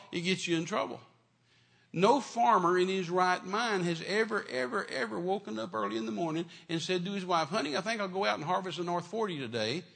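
An older male preacher delivers a sermon with a gravelly, fry-laden voice that sits a bit high. He talks in a folksy, homespun way, repeating phrases and restarting lines for emphasis. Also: fairly bright tone.

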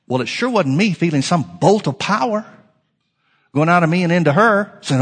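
A man preaching a sermon as pastor, emphatic, swinging from loud declarations to hushed lines. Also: a little high, big pitch swings, a little fast, breathy edge, long reverb tail.

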